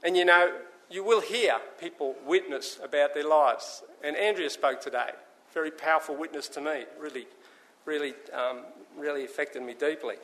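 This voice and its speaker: Bright-voiced man preaching a lively sermon. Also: on the high side, normal speed. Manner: animated storytelling, acts out the voices in his stories.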